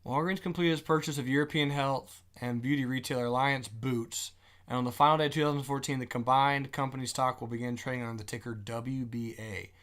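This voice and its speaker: A man's voice: medium pitch, steady tone, brisk, a bit bright. A man hosting a live stock trading show, giving casual market commentary with joking asides and thinking aloud.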